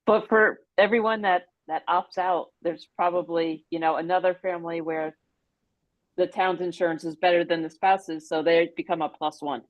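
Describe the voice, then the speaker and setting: A woman's voice: on the low side, steady tone, moderate pace, no room sound, highs cut off. A woman on a committee discussing budget items, conversational and thinking aloud. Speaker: committee member. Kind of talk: meeting discussion.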